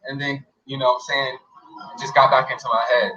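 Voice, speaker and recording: A man's voice: mid-range voice, little pitch movement, fairly quick, sharp tone, muffled recording. Distant man rambling through a personal story. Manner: rambling, profane, full of fillers. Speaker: guest recounting an experience.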